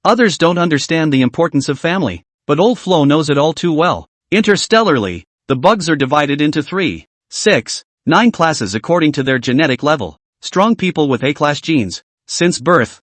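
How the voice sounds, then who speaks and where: Animated male story narrator. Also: on the high side, normal speed, no room sound. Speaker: recap narrator.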